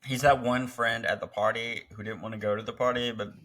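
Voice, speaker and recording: This podcast co-host has a medium-pitched, fairly bright voice with fairly even intonation and a brisk pace. He jokes and teases through a casual movie review chat, slipping into mocking mock-British impressions.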